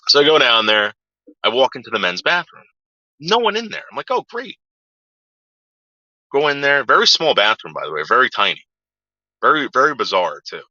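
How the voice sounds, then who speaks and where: A man's voice: mid-range voice, big pitch swings, brisk, bright, forceful tone, no echo. A man telling a story from his past in a casual, profane way, acting out the voices of the people he quotes. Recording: dull lo-fi sound.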